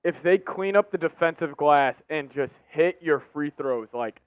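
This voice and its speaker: A man's voice: on the high side, a little slow, clean tone, no echo. Man co-hosting with slightly dull audio. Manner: blunt, emphatic, casual. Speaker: co-host. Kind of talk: casual fan commentary.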